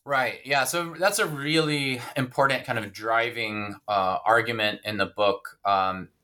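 A man's voice: mid-range voice, unhurried, bright, forceful tone. A man, an author and historian, explaining his book in an interview, thoughtful and hesitant with many fillers and restarts. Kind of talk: academic interview talk.

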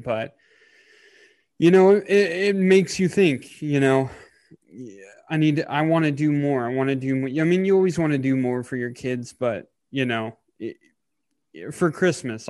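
A man in his thirties talking casually on a podcast, halting with many fillers and getting choked up. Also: mid-range voice, no room sound, clean studio sound. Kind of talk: casual emotional podcast talk.

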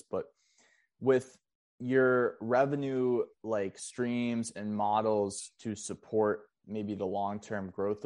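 Low-voiced rambling podcast host, man. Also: darkish tone. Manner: rambling, restarts questions often. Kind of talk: casual interview chat.

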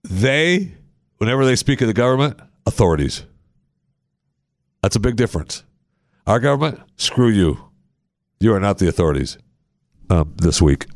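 A man hosting a comedy podcast, mocking news clips and crooning at them in a low, soothing voice. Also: big pitch swings, moderate pace, long pauses, no echo, clean studio sound. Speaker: podcast host. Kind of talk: comedic commentary over clips.

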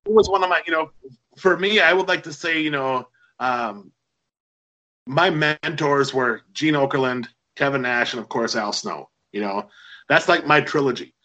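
A middle-aged man with a bright, forceful voice that sits a little high for a man. He tells chatty anecdotes full of fillers, in a relaxed conversational flow. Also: normal speed, muffled recording. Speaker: podcast guest. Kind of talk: casual storytelling.

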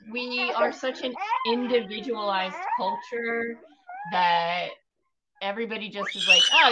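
A woman coaching new mothers, talking emphatically and casually on a podcast, now and then swearing for emphasis. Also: mid-range voice. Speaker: guest, postpartum mindset coach. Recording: slightly dull lo-fi sound with faint noise.

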